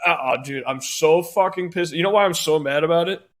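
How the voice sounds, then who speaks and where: A man's voice: fairly high pitch, brisk. A man in his thirties co-hosting a podcast, ranting angrily with constant swearing and bursts of laughter. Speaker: podcast co-host. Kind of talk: profane rant on a podcast.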